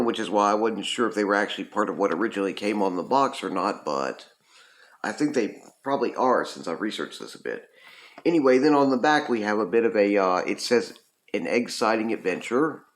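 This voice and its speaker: A man casually reviewing a retro video game, rambling with lots of ums and uhs. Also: lowish voice. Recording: roomy echo.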